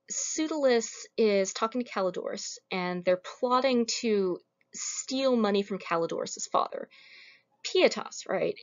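A woman giving a recorded lecture in a casual, wry, conversational way. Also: medium pitch. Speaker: lecturer on Roman comedy. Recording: muffled lo-fi recording.

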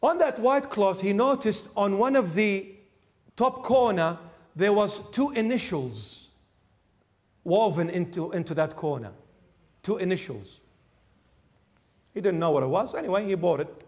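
A male bishop preaching in a church with a notably high voice. He tells his story in an animated, conversational way, acting out the speakers he quotes, and drops to a low hush to get attention. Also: measured pace, pauses often. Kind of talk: sermon storytelling.

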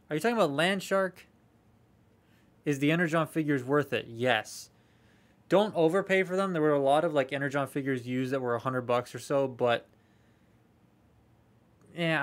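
On a live stream, a young man with a voice on the high side rambles casually while unboxing collectible toys, swearing freely and answering viewer comments.

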